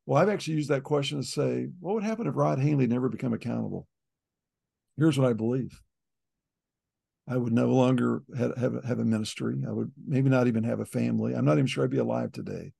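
A middle-aged man shares a personal testimony in an interview, earnest and plain-spoken. His voice is deeply gravelly and husky, with a dark, low-lit tone. He circles back and repeats words as he works through hard memories. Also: fairly even intonation, fast talker. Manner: earnest storytelling, repeats words when emotional. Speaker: ministry leader, guest.

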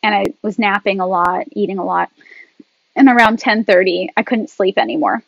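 A woman guest in a casual talk, telling her story in a chatty, animated way. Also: medium pitch, moderate pace, creaky, no room sound, highs cut off. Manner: animated, chatty, laughs often. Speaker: podcast guest.

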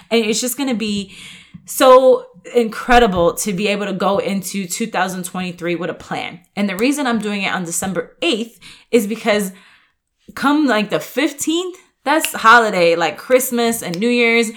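A woman's voice: mid-range voice, normal speed. A woman hosting a podcast, talking as a coach in a chatty, upbeat way with many restarts and fillers. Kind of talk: casual podcast monologue.

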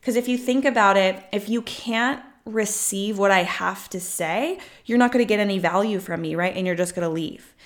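A woman's voice: mid-range voice, moderate pace. A young adult woman hosting a podcast as a business coach, talking in a casual, chatty, upbeat way and leaning on "like" and "right?". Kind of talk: casual motivational monologue.

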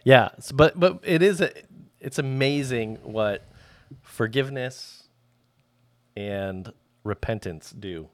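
Male podcast co-host, mid pitch, relaxed, rambling delivery. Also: takes it slowly, pauses often. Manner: relaxed, loose, full of "like" fillers. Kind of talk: casual podcast chat.

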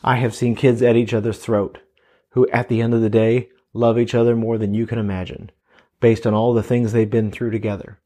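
Man, 30s, mid-pitched, earnest parent talking through advice, storytelling tone. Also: level tone, fairly quick, warm tone. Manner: earnest, storytelling with quoted dialogue. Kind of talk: casual advice talk.

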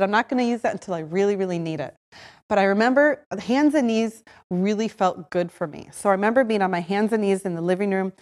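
A woman hosting a podcast, telling her own story in a lively way, acting out her own voice in quotes and often saying "like". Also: medium pitch, big-room sound. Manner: animated, acts out her own voice in quotes, frequent "like". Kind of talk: personal storytelling.

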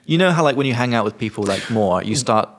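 A man's voice: mid-range voice, lively intonation, quick pace. A man hosting a casual podcast, teaching vocabulary with jokes and casual swearing. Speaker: podcast host and English teacher.

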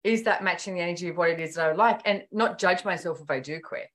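A woman speaking in casual podcast conversation, telling animated stories and acting out quoted dialogue, with many fillers like "like" and "you know". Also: on the low side, quick pace. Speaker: author and guest.

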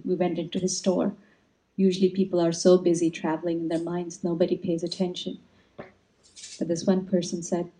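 A woman spiritual teacher giving an inspirational talk, telling stories in a gentle, reflective way. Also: on the low side, poor audio.

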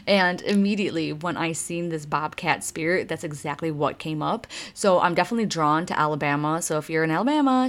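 Woman, 30s, slightly low voice; chatty, emphatic card-reading host who talks right at the audience. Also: moderate pace. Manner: chatty and emphatic, swears mildly, addresses listeners directly. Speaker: spiritual card reader, podcast host. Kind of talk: casual oracle card reading monologue.

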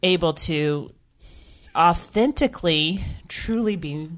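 Woman, podcast co-host, low-pitched, earnest, emotional, rambling delivery. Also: slow pace. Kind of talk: candid faith podcast conversation.

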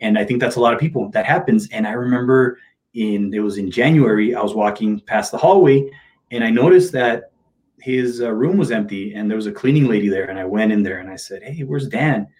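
A man telling personal stories in a casual podcast chat, animated and emphatic. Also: on the low side, a little hiss or hum. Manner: animated, emphatic, slips into quick impressions. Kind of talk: casual storytelling.

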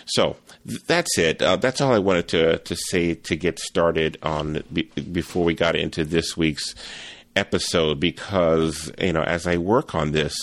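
A man's voice: low-pitched, unhurried. A man hosting a solo podcast on photography, talking casually, rambling a little with restarts and repeated words. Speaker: podcast host, photography teacher.

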